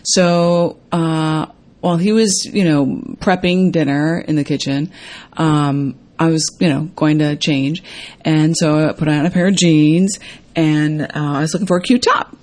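A woman hosting a casual self-help talk to viewers, chatty and full of fillers, acting out quoted lines in a higher voice. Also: fairly even intonation, a little slow, a little mellow. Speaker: host.

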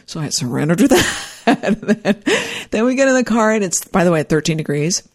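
A woman casually telling a personal story, animated and rambling, with frequent restarts. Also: on the low side, fairly quick. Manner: animated, acts out quoted dialogue.

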